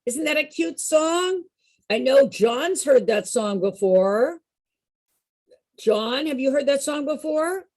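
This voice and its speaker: A woman's voice: high-pitched, expressive, takes it slowly, darkish tone. A woman leading a group activity session over a video call, talking in a playful, chatty and encouraging way. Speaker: activity leader.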